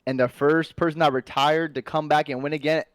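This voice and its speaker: A man's voice: fairly high pitch, steady tone, brisk, dry recording. A man co-hosting an esports podcast in casual chat, talking in a loose, rambling way.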